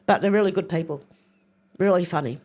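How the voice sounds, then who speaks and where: An older woman chats on her livestream in a loose, rambling way. She reads viewer comments aloud and thinks out loud while she clicks around. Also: fairly low pitch, brisk. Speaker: livestream host. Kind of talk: casual livestream chat reading viewer comments.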